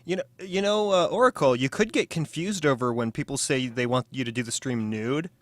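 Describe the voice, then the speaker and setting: A man's voice: mid-range voice, fairly quick, no room sound. A man co-hosting a casual livestream, wisecracking and plainly explaining tech trouble. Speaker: co-host.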